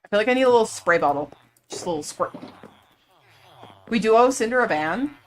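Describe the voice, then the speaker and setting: A young woman streaming live, chatting casually and rambling while she plays, quick to laugh. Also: a little high, animated. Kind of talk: casual chat while gaming.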